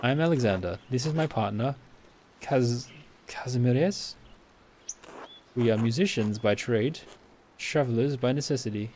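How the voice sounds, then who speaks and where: A man's voice: mid-range voice, a little slow, long pauses, a little mellow, slight background noise, lightly acted. A man putting on a grand, courtly travelling musician. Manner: theatrical put-on accent, grand.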